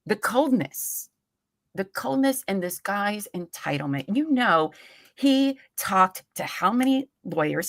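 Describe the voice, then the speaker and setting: A woman's voice: medium pitch, no room sound, clean studio sound. A woman hosting a livestream about a trial, angry and swearing as she comments. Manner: angry, profane, repeats courtroom audio aloud.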